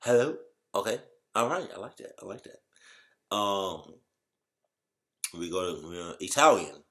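A man chatting casually to his viewers in a reaction vlog, full of slang and sudden loud exclamations. His pitch leaps and swoops with lively expression, from quiet mumbles to high-pitched outbursts. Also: unhurried. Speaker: YouTuber.

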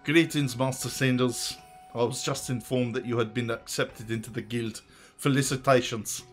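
A polite, formal shopkeeper with a South African accent, as a man puts him on. He speaks softly and courteously, with a hammy game-streamer flavor. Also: mid-range voice, fairly even intonation, normal speed, faint music behind, natural voice.

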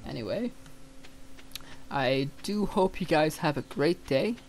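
A man giving casual, rambling gameplay commentary as a let's player. He swears freely and thinks out loud. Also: a little high, lively intonation, slow, faint music behind. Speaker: let's play gamer.

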